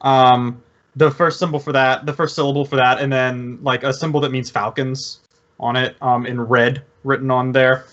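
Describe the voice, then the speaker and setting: Game master, male, halting narration with frequent fillers, muffled lo-fi audio. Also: mid-range voice, level tone, a bit bright. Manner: hesitant, many ums and restarts.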